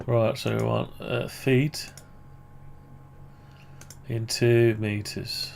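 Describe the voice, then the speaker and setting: Slow, gravelly man thinking aloud. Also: medium pitch, little pitch movement, a little hiss or hum. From United Kingdom. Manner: thinking aloud, rambling with self-corrections. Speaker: amateur radio hobbyist. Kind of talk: casual screen-share walkthrough.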